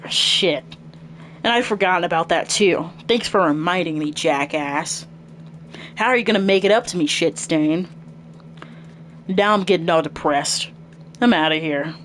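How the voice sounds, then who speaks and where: A woman's voice: fairly low pitch, unhurried, long pauses, fairly bright tone, slight background noise. Woman voicing a foul-mouthed young gang leader. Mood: sulky. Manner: gruff, swearing, blustering. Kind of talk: reading game dialogue aloud.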